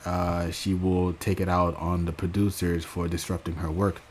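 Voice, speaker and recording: A young man giving a casual reaction rant, halting with fillers and restarts and swearing freely. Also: low-pitched, flat delivery, darkish tone, breathy edge. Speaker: YouTube commentator.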